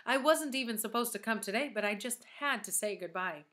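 A woman's voice: on the high side, expressive, a little fast. Woman voicing a tender schoolteacher. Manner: warm and tender. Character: gentle, loving woman schoolteacher.

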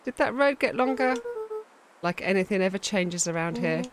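A woman's voice: mid-range voice, expressive, moderate pace, noisy background. A woman commenting on a story game and reading its dialogue aloud in a playful way. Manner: playful, reads lines with light voices. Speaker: gameplay streamer. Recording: game music playing behind.

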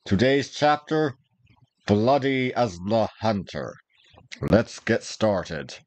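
A man's voice: fairly low pitch, big pitch swings, slow pace. A man reading a classic adventure novel aloud chapter by chapter, giving the characters lightly different voices. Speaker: audiobook reader.

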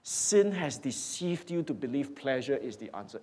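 Animated male pastor preaching. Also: medium pitch, moderate pace, few pauses, slightly rough. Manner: emphatic, swings from loud declarations to hushed whispers. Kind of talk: sermon. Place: church hall.

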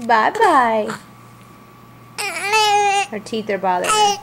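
A woman's voice: on the high side, very animated, slow, vocal fry, background noise. A young mother filming a home video, coaxing her baby in sing-song baby talk and repeating herself over and over.

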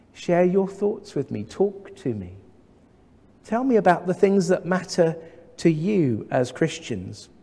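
An English man in his thirties preaching a sermon as the new vicar, measured and gently humorous, with rhetorical questions to the congregation. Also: a little high. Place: large church. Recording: long church reverb.

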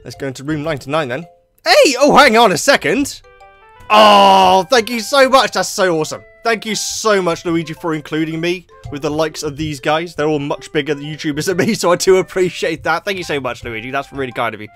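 A man giving excitable, chatty let's play commentary, joking and laughing often. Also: on the high side, quick pace, hardly any pauses, faint music behind. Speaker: YouTube gamer.

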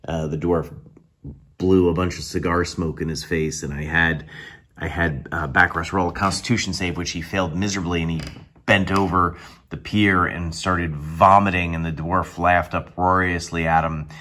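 A man's voice: low-pitched, steady tone, moderate pace, bright, forceful tone. A man recapping his tabletop session and giving casual advice as a dungeon master, rambling along with many restarts.

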